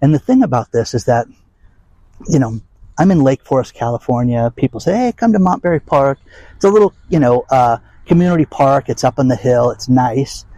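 A man's voice: medium pitch, expressive, a little fast, warm tone, no echo, poor audio. An older man ranting bluntly and emphatically to his audience in a rambling vlog. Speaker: vlog host. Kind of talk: casual rant to camera.

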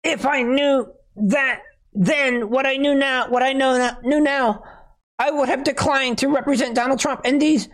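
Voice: high voice, steady tone, moderate pace, fairly bright tone, pitched above the performer's own voice, poor audio. A commentator putting on the voice of a remorseful woman lawyer, mock-sobbing in a whiny, exaggerated way. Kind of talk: mocking impression.

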